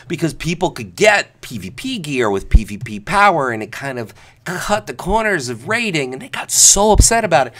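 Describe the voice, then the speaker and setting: A man's voice: a little high, sharp tone. A man giving casual, sarcastic commentary over a video game, ranting animatedly and now and then mocking others in put-on voices. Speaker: gameplay commentator.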